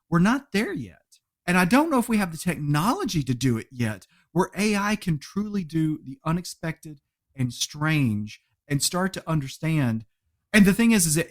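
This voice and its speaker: A man with a fairly high speaking voice talks as a podcast guest. He tells stories with animation, laughs often and acts out little quotes as he goes. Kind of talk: casual interview chat.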